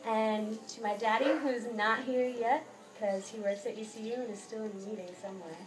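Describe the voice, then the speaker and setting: A woman's voice: fairly high pitch, steady tone, fairly quick. Young woman giving a giggly thank-you speech. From United States. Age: young adult. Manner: laughs often while telling stories. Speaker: exchange student giving thanks. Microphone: microphone held at a distance. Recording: distant mic, noisy outdoor ambience.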